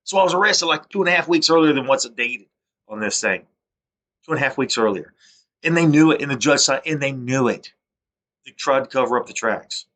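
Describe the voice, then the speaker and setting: An agitated man with a drawl rants in a long, repetitive monologue. He often stumbles and starts his sentences over. His voice has a bright, forceful edge. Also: mid-range voice, animated, fairly quick. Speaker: vlogger. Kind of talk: aggrieved rambling monologue over screen recording.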